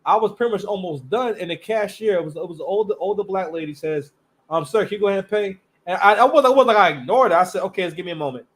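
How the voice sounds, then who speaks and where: Male streamer, high-pitched, casual rambling storyteller. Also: lively intonation, rapid-fire, few pauses, a bit bright. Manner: loose, rambling, full of restarts and slang. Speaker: live stream host.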